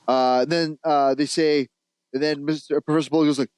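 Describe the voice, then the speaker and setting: A man's voice: a little high, fairly even intonation, moderate pace, darkish tone, smooth, dry recording, rough recording. Laid-back man retelling a movie. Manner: rambling and laughing, with frequent restarts and swearing. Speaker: podcast co-host. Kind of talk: casual chat retelling a movie.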